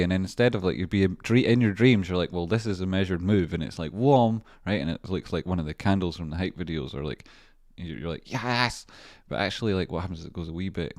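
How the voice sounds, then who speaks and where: Low-voiced man rambling through stock charts. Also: darkish tone, dry recording, studio quality. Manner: rambling, profane, chatty asides to viewers. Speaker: trading livestream host. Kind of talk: casual live-stream chart commentary.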